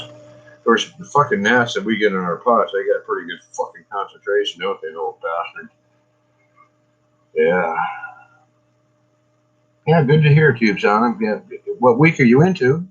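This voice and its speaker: A man's voice: lowish voice, sing-song, a little slow, pauses often, a bit bright, breathy edge, muffled recording. A middle-aged man chatting casually on a livestream, rambling and swearing, laughing often and coughing from smoke. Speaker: cannabis vlogger.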